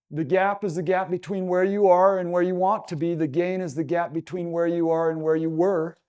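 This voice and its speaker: A man's voice: on the high side, warm tone, clean tone. A young adult man from Utah giving a seminar talk, telling a personal story with many fillers and restarts. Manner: halting, many fillers and restarts, gets emotional. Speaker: guest speaker.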